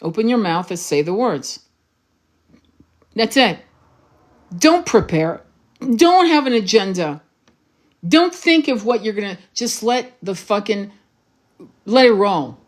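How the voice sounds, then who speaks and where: A woman's voice: medium pitch, big pitch swings, slow pace, long pauses. A woman tarot reader, raised in France, talking passionately and urgently to her livestream viewers, swearing freely and repeating herself for emphasis.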